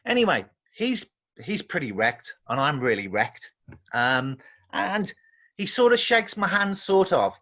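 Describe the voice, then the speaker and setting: An English man, a guest musician, telling animated, rambling anecdotes in casual chat, often restarting his sentences. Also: on the high side, unhurried, lo-fi sound.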